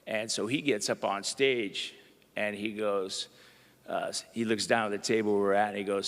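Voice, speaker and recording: This middle-aged undersecretary speaks at normal speed in a lowish, steady and slightly bright voice. His speech at a university event hall is folksy and anecdote-filled, full of "you know" and "uh," with the room's long reverb audible.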